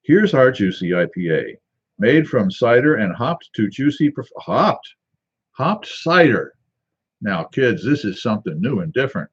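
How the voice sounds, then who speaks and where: A man's voice: mid-range voice, very animated, measured pace, husky, dull audio. A man hosting a casual tasting video, reading a can label aloud and joking to himself in a rambling, wry way. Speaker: drink reviewer.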